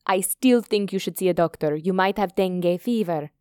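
A woman's voice: lowish voice, moderate pace, mellow, smooth, no echo, clean studio sound, close to an everyday voice. A woman reading as an earnest, caring young woman. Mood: firm.

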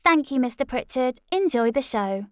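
Woman doing a shrill, loud radio producer. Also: expressive, moderate pace, no room sound, clean studio sound. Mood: urgent. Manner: loud, shouting and hurrying. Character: shrill, pushy young female radio producer.

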